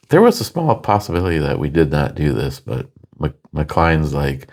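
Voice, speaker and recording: A man's voice: extremely low pitch, very animated, moderate pace, few pauses. A man co-hosting a beer review stream, chatting casually and joking while he reads viewer comments aloud. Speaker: beer review co-host reading chat comments. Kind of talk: casual chat.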